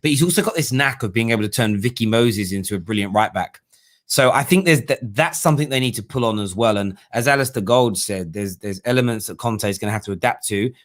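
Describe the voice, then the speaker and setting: A man hosting a casual live football stream, slangy and chatty with quick restarts. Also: on the low side. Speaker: host.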